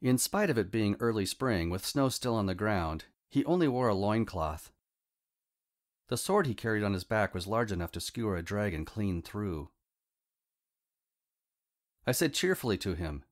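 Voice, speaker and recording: A man narrates a comic fantasy story in the first person with a wry, humorous touch. His voice sits fairly low. His pitch moves in a lively way through the telling. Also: moderate pace. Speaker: audiobook narrator.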